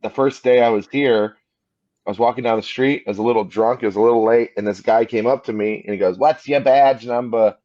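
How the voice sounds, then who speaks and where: A man's voice: fairly low pitch, steady tone, fast, darkish tone. An American man and comedy podcast co-host, chatting casually in a rambling, laid-back way while hungover. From United States. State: hungover, just woke up. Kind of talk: casual chat. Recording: slightly dull lo-fi sound.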